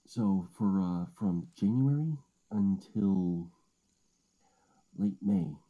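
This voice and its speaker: A man speaks softly, very close to his microphone, during a late-night livestream chat at home. His voice sits very low and sounds dark and husky. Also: lively intonation, drawn-out words, low-quality recording. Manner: talks quietly close to the mic while his family sleeps. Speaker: show regular.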